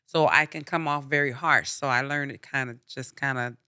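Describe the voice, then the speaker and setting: Loud, sharp-toned woman laughing easily. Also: very deep voice, fairly even intonation, normal speed, dry recording, studio quality. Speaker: podcast co-host. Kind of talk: casual chat.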